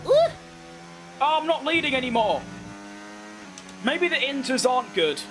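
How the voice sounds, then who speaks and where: A man with a London accent streaming a racing game, chatting with viewers and yelling excitedly at the race. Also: very high voice, normal speed, slight background noise. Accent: London English. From London, England. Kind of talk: live gameplay commentary and chat.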